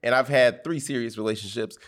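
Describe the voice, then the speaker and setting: Easygoing guy, mid pitch, slangy and chuckly in casual talk. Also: steady tone, fairly quick. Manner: laid-back, chuckling, slangy. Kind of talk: casual chat.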